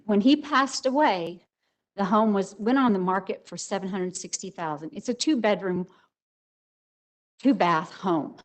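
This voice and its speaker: A woman's voice: medium pitch, unhurried, poor audio. Older woman, resident at a hearing, earnest, emotional, emphatic. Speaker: resident giving public comment. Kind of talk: public comment at a hearing.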